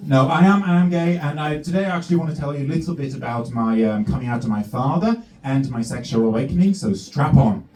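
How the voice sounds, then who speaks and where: A man's voice: fairly high pitch, warm tone, slight background noise. A young man from Switzerland with a Swiss German accent, doing a teasing, self-mocking stand-up set and talking to the crowd. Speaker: stand-up comedian. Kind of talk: stand-up routine. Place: comedy club stage with a laughing audience. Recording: roomy club sound, distant mic, crowd laughter.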